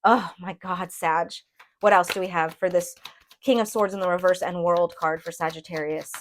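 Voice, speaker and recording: A woman's voice: lowish voice, normal speed, slight background noise. Chatty woman doing a tarot reading. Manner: chatty and animated, addresses viewers as "you guys", frequent "okay?". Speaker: tarot reader. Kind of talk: casual tarot reading to camera.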